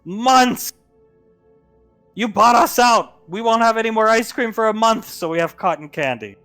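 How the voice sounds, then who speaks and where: A man puts on a frazzled penguin lady selling treats in a tabletop game, pitched up high and wailing in exasperation. Faint music runs underneath. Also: normal speed, a bit bright. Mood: exasperated. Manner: shrill, exasperated outburst. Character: frazzled female penguin vendor.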